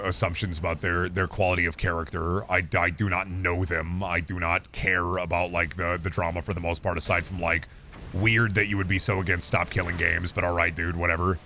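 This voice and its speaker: Deep-voiced rambling man streamer. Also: bright, forceful tone, slight background noise. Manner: rambling, with many restarts and casual swearing; trained performance voice. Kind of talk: casual stream chat.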